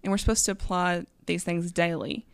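Woman co-host, lowish smooth voice, easygoing and rambling. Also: a little fast, dry recording. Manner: relaxed, rambling, frequent "you know". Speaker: podcast co-host. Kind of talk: casual faith discussion.

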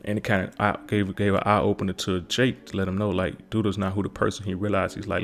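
A man's voice: low voice, flat delivery, fast, gravelly, hardly any pauses, fairly bright tone. A man recapping a TV episode in a casual, rambling way, repeating himself and saying kinda a lot.

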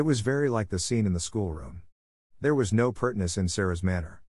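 A man narrating a classic novel as an audiobook in a steady, even telling. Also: lowish voice, brisk, dry recording, clean studio sound.

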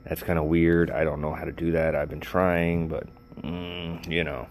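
A man's voice: extremely low pitch, level tone, normal speed. An older man talking casually and rambling to his viewers, with lots of fillers and swearing. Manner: rambling, profane, frequent fillers. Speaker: vlogger.

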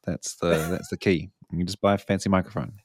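Very deep-voiced male host, dry sound. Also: fast, breathy edge, no room sound. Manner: relaxed, rambling, laughs easily. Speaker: podcast host. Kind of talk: casual podcast chat.

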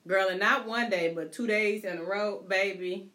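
A woman's voice: medium pitch, moderate pace, a bit bright. A woman, mother of a teenager, telling stories in a casual chat among friends, emphatic and saying girl and baby.

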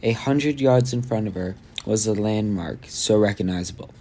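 A warm, lowish male voice reads a novel chapter at a moderate pace as an amateur audiobook, frequently tripping up, restarting, and slipping in asides of his own. Some faint background noise is present.

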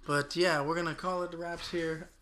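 A man's voice: on the high side, level tone, moderate pace, sharp tone. A young man co-hosting a casual podcast, ranting with lots of swearing. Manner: profane, ranting. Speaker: podcast co-host. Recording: audio-only podcast.

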